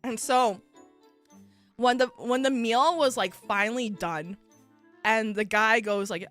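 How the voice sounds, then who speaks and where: Bright high-voiced woman chatting unhurriedly. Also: measured pace, long pauses, faint music behind. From United States. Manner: animated, filler-heavy, acts out voices in stories. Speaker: VTuber streamer. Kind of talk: casual chat storytelling.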